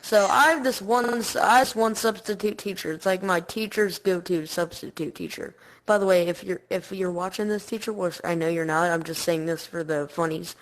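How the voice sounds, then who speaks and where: A woman's voice: lowish voice, normal speed, poor audio. A woman guest on a casual podcast, telling school stories in a playful, slangy way.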